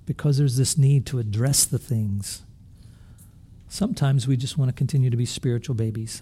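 Mellow-voiced man preaching a sermon. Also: medium pitch, normal speed, husky. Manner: earnest, with rhetorical questions to the congregation; restarts and repeats words while thinking aloud. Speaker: pastor.

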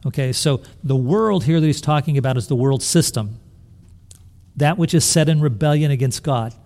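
A man's voice: a little high, moderate pace, darkish tone. A man preaching a sermon as pastor, earnest and full of questions to his listeners, often restarting and repeating words as he thinks aloud. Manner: earnest, with rhetorical questions to the congregation.

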